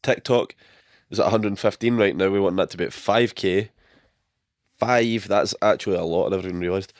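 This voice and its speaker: A man's voice: low-pitched, a little fast, no room sound, studio quality. A young man co-hosting a podcast, teasing his friend and swearing often in casual banter. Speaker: podcast co-host.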